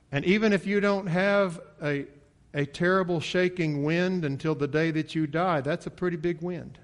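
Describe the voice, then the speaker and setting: A man preaching a sermon in a conversational way, asking rhetorical questions and swinging loud when acting out frightened voices. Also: on the high side. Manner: rises sharply and loud when voicing panicked disciples, drops soft at line ends.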